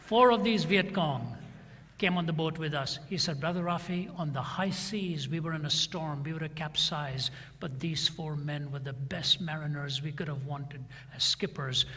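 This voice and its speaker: Older male preacher, raised husky tone, dramatic storyteller voicing every part; long hall reverb. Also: on the high side, fairly even intonation, moderate pace, hardly any pauses, pushed and bright. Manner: dramatic retelling, acting out each side of a dialogue. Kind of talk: sermon storytelling.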